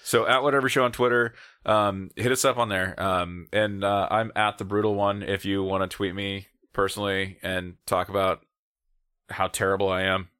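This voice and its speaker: Bright-voiced joking podcast man. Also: low-pitched, little pitch movement, moderate pace, clean tone. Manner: joking, laughs easily. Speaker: podcast co-host. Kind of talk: casual podcast chat.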